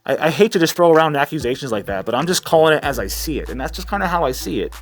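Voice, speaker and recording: A man's voice: a little high, sing-song, rapid-fire. A man ranting in a heated, sarcastic commentary vlog, swearing freely. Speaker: commentary channel host.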